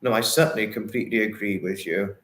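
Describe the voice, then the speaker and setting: A man's voice: on the low side, fast, fairly bright tone, echoey room. A man hosting a casual livestream, reading chat comments and thanking viewers in an apologetic, effusive, giggly manner. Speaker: livestream host.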